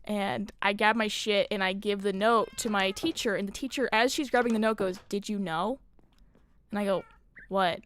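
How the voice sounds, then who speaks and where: A woman's voice: medium pitch, normal speed. A young woman streaming, telling a rambling story in casual chat, full of fillers and swearing.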